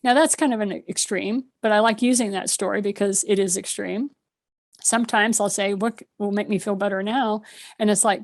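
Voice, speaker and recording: Casting: middle-aged woman, warm storyteller energy, laughs often, mid-range voice, over a video call. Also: mid-range voice, normal speed. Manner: animated, laughs often, quotes her own thoughts. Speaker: guest, spiritual author. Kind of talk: conversational storytelling.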